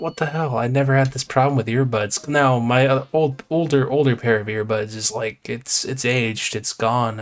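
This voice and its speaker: A man live-streaming a game, telling a long rambling story in casual chat. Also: medium pitch. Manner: rambling, retells conversations at length. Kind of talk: casual storytelling while gaming.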